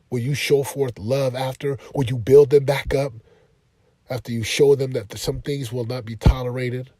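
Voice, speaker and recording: A man's voice: mid-range voice, warm tone, breathy edge, dry recording. A man giving a motivational monologue as a podcast host, speaking emphatically and repeating his points like a preacher. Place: outside his home, heading in.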